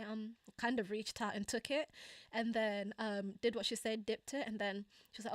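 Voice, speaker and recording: A woman's voice: fairly even intonation, moderate pace, no room sound, studio quality. A young woman hosting a livestream, casually telling a personal story with many fillers, laughs and acted-out quotes. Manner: chatty, laughing often, frequent fillers and asides; acts out quoted dialogue in a higher voice. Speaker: channel host.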